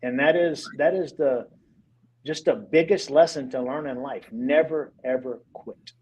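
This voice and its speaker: A man's voice: fairly high pitch, moderate pace, darkish tone, slightly rough. A man hosting a casual interview, speaking emphatically and repeating words for effect.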